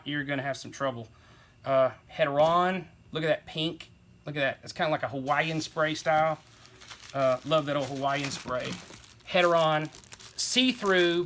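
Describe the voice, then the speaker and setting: A man's voice: fairly high pitch, fairly bright tone. A middle-aged man, rambling enthusiastically as he shows off his toy collection. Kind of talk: casual show-and-tell chat.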